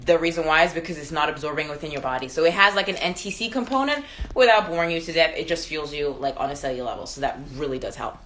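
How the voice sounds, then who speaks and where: A young woman hosting a casual live stream from home, chatting warmly with viewers, answering their comments and laughing often. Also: low-pitched, fast, a little hiss or hum.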